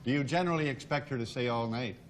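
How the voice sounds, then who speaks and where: A man hosting a game show, jovial and quick with jokes, in a 1970s TV studio with an audience. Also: medium pitch, a little hiss or hum.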